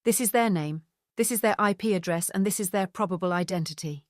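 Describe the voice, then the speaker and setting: A woman voicing a blunt, wealthy, tech-savvy divorcee who explains things briskly in an audiobook. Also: mid-range voice, no echo, clean studio sound, natural voice. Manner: brisk, matter-of-fact explaining.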